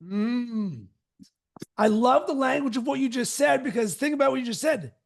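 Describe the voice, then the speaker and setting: A man hosting a live online coaching workshop, energetic and emphatic, with punchy catchphrases, heard over a video call. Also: very high-pitched, moderate pace, gravelly.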